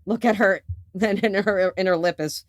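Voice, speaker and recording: A woman's voice: medium pitch, normal speed, no room sound. A woman co-hosting a podcast among dental hygienists, telling stories in casual chat with lots of laughter and restarts. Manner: animated storyteller, laughs often, trails off and restarts.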